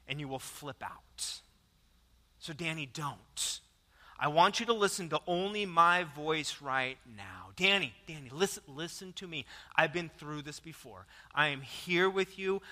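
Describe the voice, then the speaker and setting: Pastor doing a steady cave guide, hushed and slow, reassuring, long reverb. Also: male voice. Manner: low, soft, slow and insistent.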